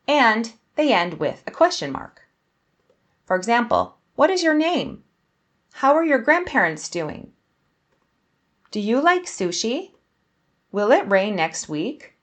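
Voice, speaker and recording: A young adult woman teaching an English grammar lesson, explaining clearly and slowly, acting out example sentences. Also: mid-range voice.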